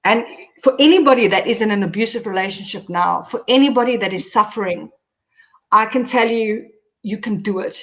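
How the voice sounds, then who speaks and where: A middle-aged woman, hosting and candidly telling her own story, animated as she recounts events. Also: mid-range voice, a little fast. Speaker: host.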